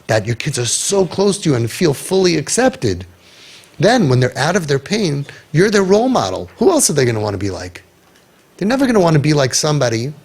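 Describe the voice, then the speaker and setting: A man addresses a room of parents with forceful conviction and a sarcastic edge, mixing Hebrew and Yiddish terms into his speech. His voice sits a bit high, gravelly and husky throughout. The talk is animated and pointed. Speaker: parenting guide.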